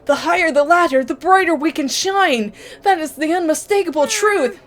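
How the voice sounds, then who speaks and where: A woman reading aloud the lines of a calm, unsettling teenage boy from a story game. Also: very high voice, normal speed. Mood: serene. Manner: reads game dialogue aloud.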